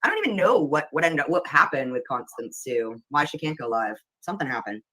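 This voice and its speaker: Low-pitched woman chatting on a livestream. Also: sing-song, brisk, fairly bright tone, poor audio. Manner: chatty, greets viewers by name. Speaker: livestream host. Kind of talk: casual livestream chat.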